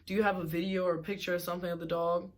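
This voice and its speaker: Polite, kinda indifferent leasing office clerk, fast and formal, a woman doing the voice. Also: on the low side, flat delivery, natural voice.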